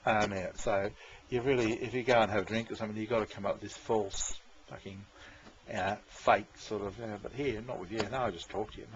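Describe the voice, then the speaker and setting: Older man, sixties, low voice, rambling and profane, chuckles a lot, dull lo-fi recording. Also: fairly even intonation, a little fast, a little hiss or hum. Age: 60s. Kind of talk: rambling casual chat.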